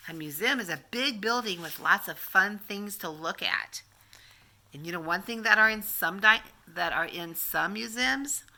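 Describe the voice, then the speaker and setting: An older woman, a grandmother, reading a picture book aloud to a child in an animated way, stopping to ask questions. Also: mid-range voice.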